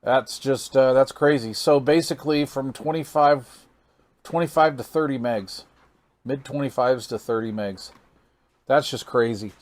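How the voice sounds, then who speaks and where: Speaking a little slowly in a mellow, medium-pitched voice, a radio hobbyist host runs a casual hands-on equipment demo. He sounds folksy and amazed, musing aloud over meter readings and counting into the mic during test calls.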